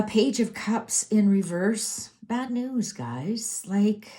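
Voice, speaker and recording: A middle-aged woman doing a tarot reading speaks in a warm voice on the low side. She rants with heat and exasperation, breaking off and restarting many times.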